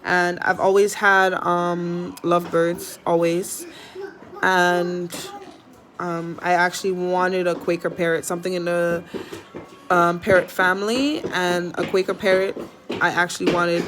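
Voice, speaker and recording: A young woman talks to camera at home in a loose, rambling way. Her voice sits a little low for a woman. A faint background hiss runs under the recording. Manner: chatty, rambling, with fillers. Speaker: vlogger with a pet parrot. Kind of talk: casual chat to camera.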